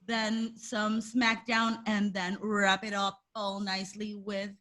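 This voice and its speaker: A woman co-hosting a wrestling podcast, upbeat and quick with quips. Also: medium pitch, level tone, a bit bright. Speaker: podcast co-host. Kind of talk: casual chat.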